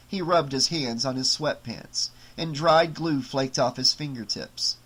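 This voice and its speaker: A man narrating an unabridged novel in a measured, dramatic storytelling voice. His pitch sits in an ordinary middle range for a man, and he paces the prose steadily. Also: a bit bright, slightly rough, low-quality recording. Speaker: audiobook narrator. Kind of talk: unabridged audiobook reading.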